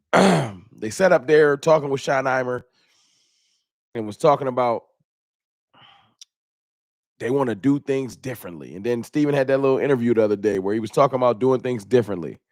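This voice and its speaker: A man's voice: mid-range voice, moderate pace, long pauses, no room sound, clean studio sound. A man hosting a live fan talk stream in a casual, slangy way, greeting viewers by name.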